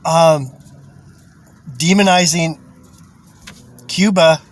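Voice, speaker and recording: A man's voice: fairly high pitch, fairly even intonation, extremely slow. A man giving rambling religious commentary, chuckling often, repeating himself and swearing.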